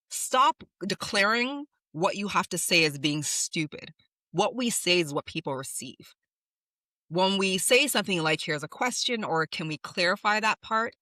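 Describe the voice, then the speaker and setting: A woman's voice: lowish voice, sharp tone, no room sound. A woman podcast host and communication coach, talking straight to listeners in an emphatic, instructive way. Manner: emphatic, instructive, repeats commands. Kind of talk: direct-address coaching monologue.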